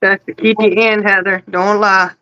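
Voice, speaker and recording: A man's voice: sits high, sharp tone, dry recording, highs cut off. A man in a casual group chat who talks in a teasing, playful way.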